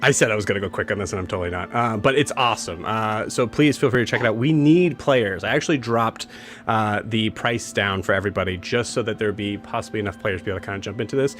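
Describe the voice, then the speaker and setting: A man's voice: fairly low pitch, fast, fairly bright tone, soft background music. A man hosting a game stream, casually announcing campaigns and rambling with many filler words and restarts. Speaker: game master and show host.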